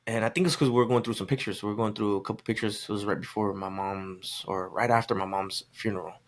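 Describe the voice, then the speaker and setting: A man's voice: on the low side, fairly even intonation, quick pace. A young adult man telling a long, rambling wedding story as a podcast guest, acting out quotes and laughing often. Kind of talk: casual storytelling chat.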